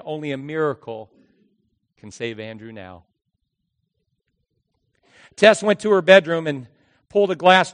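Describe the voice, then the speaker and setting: A male pastor preaching a sermon, telling a story dramatically, with his voice swinging from hushed to loud. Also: on the high side. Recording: long hall reverb.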